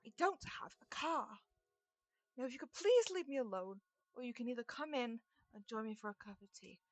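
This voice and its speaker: A woman's voice: fairly high pitch, animated, a little fast, no echo. A woman voicing a chatty, scatterbrained elderly woman who rambles, fusses and calls people dear. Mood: rambling.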